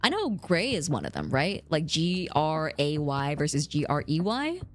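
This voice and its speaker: A woman around thirty streams and chats casually, reading out messages from her viewers. Her voice sits low but swings widely in pitch when she gets animated. Faint music plays under her talk. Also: moderate pace. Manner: reads chat aloud, animated, laughs often. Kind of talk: casual chat with live chat.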